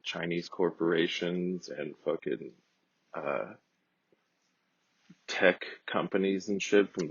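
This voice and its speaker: A man casually telling a rambling, profane, deadpan comedic story as a podcast host. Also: sits low, slightly rough, dry recording. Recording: dull lo-fi dry recording.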